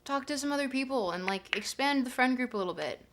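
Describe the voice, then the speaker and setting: A woman's voice: sits high, lively intonation, fast talker, fairly bright tone. A woman hosting a casual livestream, chatting to her viewers in a rambling way, with plenty of fillers as she thinks aloud. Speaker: livestream host.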